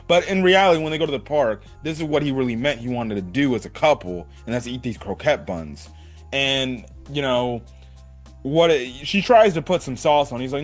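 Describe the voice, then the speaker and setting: A man giving a casual video review, animated and laughing often, swearing and tossing in "right?" after his points. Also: medium pitch, normal speed, soft background music. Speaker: anime reviewer.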